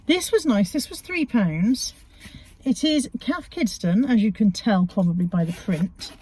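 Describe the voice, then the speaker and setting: A woman's voice: mid-range voice, expressive, a little slow, warm tone, husky. A middle-aged woman chatting casually from inside a car, rambling through her shop finds with self-mocking humour. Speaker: vlogger showing charity shop finds. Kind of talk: casual chatty haul video.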